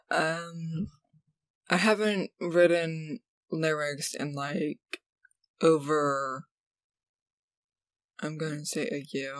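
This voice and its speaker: A vlog host speaks casually to viewers at an unhurried pace, often hesitating and restarting mid-sentence. The recording is dry and close, with no room echo. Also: mid-range voice. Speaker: channel host.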